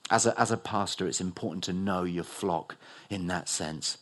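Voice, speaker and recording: A middle-aged New man preaching a sermon as pastor, rising loud and high for emphasis and dropping low and soft. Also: moderate pace. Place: church hall.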